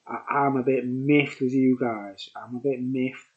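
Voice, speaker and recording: A beer-reviewing vlogger, tipsy from drinking, rambles on camera in a casual monologue, repeating himself and tacking "mate" and "right?" onto his lines. His medium-pitched voice is steady and unhurried, and the audio sounds dull.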